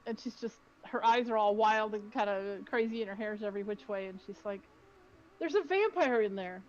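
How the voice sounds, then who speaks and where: A woman's voice: mid-range voice, flat delivery, fairly quick, darkish tone, muffled recording. A woman playing in a tabletop game, chatting casually and describing her character. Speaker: player.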